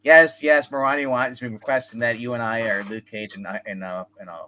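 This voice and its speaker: A man's voice: mid-range voice, steady tone, fairly quick, pushed and bright, slight background noise. A man co-hosting a casual comics chat, joking around and giving the channel announcements. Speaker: co-host.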